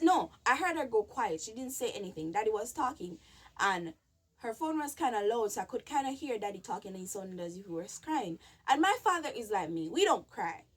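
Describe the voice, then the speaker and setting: A woman vlogger telling a personal story to camera in a halting, repetitive way, sometimes dropping almost to a whisper. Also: medium pitch, breathy edge. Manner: halting and repetitive, emotional retelling.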